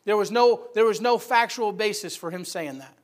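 A man's voice: sits high, normal speed. A man preaching a sermon, emphatic and rising in volume on key points.

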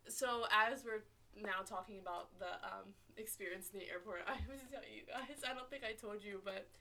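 A young woman co-hosting a casual podcast chat, telling stories with lively acted-out quotes. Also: medium pitch, moderate pace. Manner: animated storyteller, acts out quotes. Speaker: podcast co-host.

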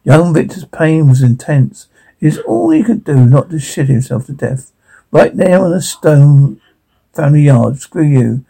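Man narrating a show scene, gravelly and husky, dark voice. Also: a little high, very animated, a little slow, rough recording. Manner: dramatic, reads out sound cues. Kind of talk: dramatic retelling of a show scene.

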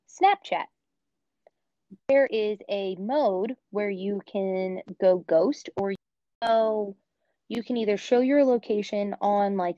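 A woman's voice: mid-range voice, a little mellow, no echo. Chatty opinionated woman, dull dry sound. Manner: chatty, opinionated, many "like" fillers. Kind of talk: casual chat.

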